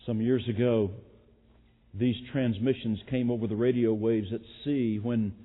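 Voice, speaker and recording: A man preaching a sermon as pastor, earnest and emphatic, repeating key phrases. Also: medium pitch. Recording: echoey hall, phone-like sound.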